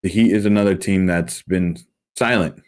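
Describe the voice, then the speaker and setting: A man's voice: deep voice, fairly even intonation, normal speed. A man co-hosting a live sports show, talking casually, hedging and thinking aloud as he makes his point. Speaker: podcast co-host.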